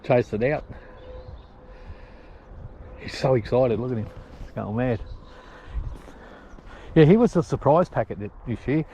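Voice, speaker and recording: A man films himself ferreting on a hillside, chatty and sweaty from the climb, talking to his dogs and ferrets and calling out to them. His medium-pitched voice is expressive and measured, broken by long pauses. The sound is lo-fi with a little hiss or hum.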